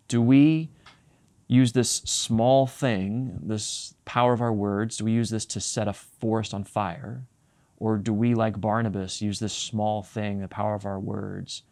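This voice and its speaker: A man's voice: fairly low pitch, vocal fry, darkish tone. A man preaching a sermon as pastor, reading scripture and explaining it earnestly, often repeating and restarting phrases. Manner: reads scripture aloud, then explains it.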